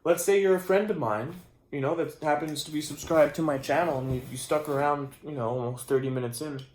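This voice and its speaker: Late at night, a tired young man hosting his channel's vlog rambles through a mock-serious rant, trailing off mid-sentence. His voice is fairly high-pitched, fairly quick, and a little mellow, and the recording has a roomy echo.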